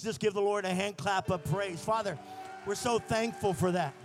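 An American man preaching a prophetic sermon, telling stories and building to shouted fervor. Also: high voice, moderate pace, faint music behind. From United States.

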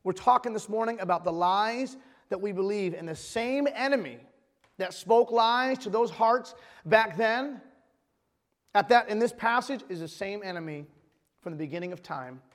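Male pastor, emphatic sermon delivery with restarts, high voice, long church hall reverb. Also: normal speed. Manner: emphatic, restarts phrases, reads scripture aloud.

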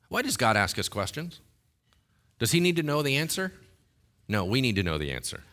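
With a sing-song delivery a little on the fast side, a man preaches a casual, conversational sermon. He puts questions to the congregation, acts out the text's voices, and swells into loud, high-pitched exhortation.

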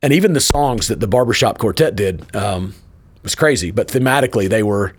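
A middle-aged pastor in an interview, telling a personal story in a lively way, often asking "right?" and breaking into short laughs. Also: male voice, fairly low pitch, brisk, a little hiss or hum. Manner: animated storyteller, tags points with "right?"; laughs between lines.

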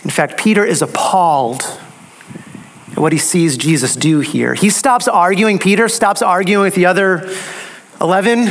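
A man with a high-pitched voice delivers a sermon. He speaks slowly and dramatically. He repeats key phrases for emphasis. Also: a bit bright, slight background noise. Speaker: preacher. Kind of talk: expository sermon.

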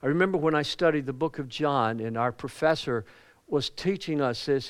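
A middle-aged male pastor preaching a sermon, telling personal stories and acting out quoted lines with a voice that climbs higher and louder. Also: normal speed. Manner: animated preaching, acts out quotes with rising pitch and volume; conversational, personal storytelling.

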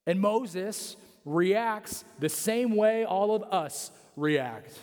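Man, casual sermon, high voice, conversational fillers, long hall echo. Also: expressive, slow pace, hardly any pauses, a little mellow. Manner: conversational, heavy on fillers like 'like'. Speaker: preacher.

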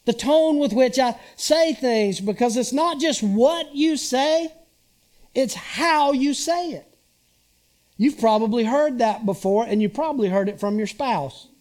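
A pastor in his sixties delivers a sermon, talking with his congregation as much as to it and checking in with rhetorical questions. He is a man with a high-pitched voice and an unhurried, deliberate pace. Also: a little mellow.

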